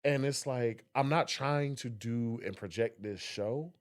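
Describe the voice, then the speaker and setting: A young man co-hosting a podcast, telling stories in a casual, animated way and acting out voices. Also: medium pitch, measured pace. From Southern West Virginia. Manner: animated storyteller, acts out voices. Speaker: podcast co-host. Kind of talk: casual conversation.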